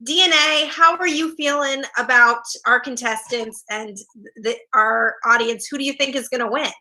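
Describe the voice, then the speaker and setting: High, bright-voiced woman quiz host. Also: moderate pace, low-quality recording. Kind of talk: upbeat game show hosting.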